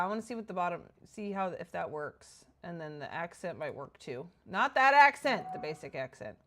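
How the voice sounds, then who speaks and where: A woman chatting casually with her viewers while playing a game, excitable and talking to herself as she goes. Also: on the low side. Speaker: game streamer.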